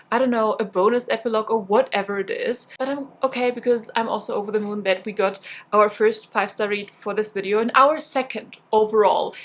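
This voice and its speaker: A woman's voice: medium pitch, echoey room. Chatty young woman gushing about books. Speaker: book vlogger. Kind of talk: casual reading vlog chat.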